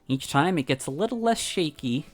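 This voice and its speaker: A man streaming, reading a visual novel aloud in a calm first-person narrator voice. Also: fairly high pitch, moderate pace, faint music behind.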